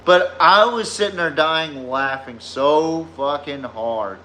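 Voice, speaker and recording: A man's voice: on the high side, measured pace, few pauses, bright, forceful tone, slight background noise. A man with a Southern US drawl hosting a casual sports podcast, telling rambling, profane stories. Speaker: podcast host.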